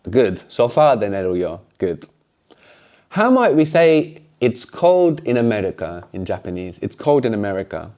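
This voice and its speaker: Lively low-voiced man teaching a language. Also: moderate pace. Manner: explains patiently, often ends points with a questioning "no?". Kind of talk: guided language lesson.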